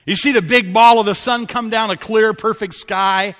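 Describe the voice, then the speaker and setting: A man preaching a sermon as a pastor, telling stories, dropping to a hush for quoted lines and rising for emphasis. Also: high-pitched, fairly even intonation, normal speed, in a large hall.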